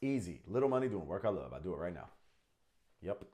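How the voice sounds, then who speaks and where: Man, Connecticut accent, low voice, joking comedy co-host who swears freely. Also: big pitch swings, fast, mellow. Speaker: podcast co-host. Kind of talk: casual chat.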